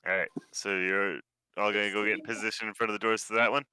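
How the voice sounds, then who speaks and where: A man narrating a tabletop game as game master, in an unhurried, halting way with fillers. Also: fairly low pitch, little pitch movement, bright, forceful tone, smooth, no echo.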